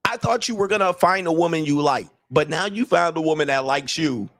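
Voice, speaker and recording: A man with a slightly high, somewhat bright voice hosts a livestream, ranting briskly at viewers in blunt, profane commentary and laughing between points. The sound is studio quality with no room sound.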